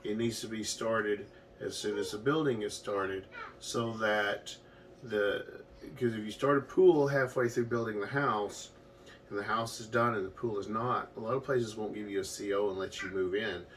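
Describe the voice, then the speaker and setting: A man's voice: on the low side, fairly even intonation, moderate pace. A man who builds homes, explaining his services in a plain-spoken, conversational way. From Florida. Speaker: home builder. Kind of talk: casual explanatory talk. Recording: distant mic with faint noise.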